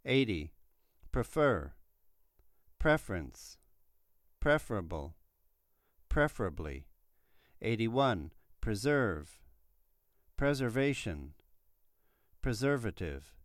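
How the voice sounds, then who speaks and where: A man reading numbered word lists aloud for a pronunciation lesson, slowly and deliberately, each word clearly articulated. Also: lowish voice, sing-song, dry recording, studio quality. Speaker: pronunciation teacher.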